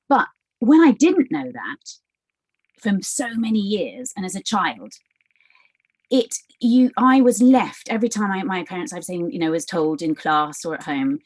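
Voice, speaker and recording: A woman in her thirties, a guest in an interview, talking in an animated, halting way with many restarts and fillers. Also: on the low side, poor audio. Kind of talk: conversational interview.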